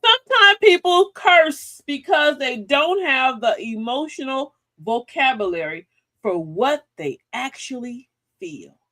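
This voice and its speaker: A woman's voice: high-pitched, sing-song, slow, sharp tone, dry recording. A middle-aged woman hosting a casual livestream talk, folksy and sassy, preaching advice and laughing often. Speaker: livestream host.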